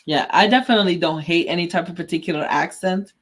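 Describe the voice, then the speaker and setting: A woman co-hosting a tech podcast in casual chat, talkative and quick to laugh, acting out the lines she quotes when telling a story. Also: on the low side. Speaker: podcast co-host.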